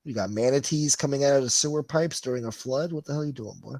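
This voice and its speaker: A fast-talking man with a mid-range, darkish voice reads his livestream chat on a dry recording. The conversation is casual and profane; he rambles, curses a lot, and laughs.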